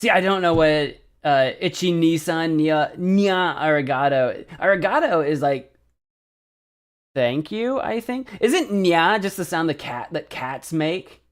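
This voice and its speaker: A man's voice: fairly high pitch, expressive, moderate pace. An American man streaming, chatting casually as he practices a language app, thinking aloud and second-guessing himself.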